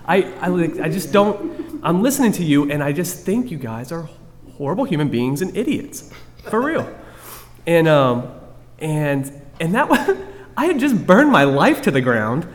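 A man's voice: a little high, big pitch swings, moderate pace. A man sharing his recovery story candidly with a group, self-mocking and rambling, full of restarts. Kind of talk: candid personal testimony to a group. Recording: long reverb of a hall.

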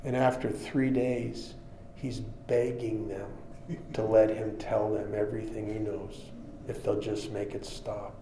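A man's voice: fairly low pitch, measured pace, slight background noise. A man sharing his recovery story in a plain-spoken, humorous storytelling talk. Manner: plain-spoken and humorous, shifting between lively and quiet.

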